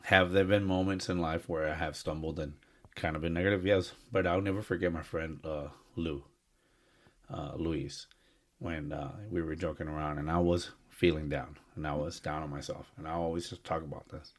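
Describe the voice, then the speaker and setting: A man's voice: extremely low pitch, fairly even intonation, normal speed. A man co-hosting a podcast, talking in an earnest, heartfelt and rambling way with lots of fillers. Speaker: podcast co-host. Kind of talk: casual chat.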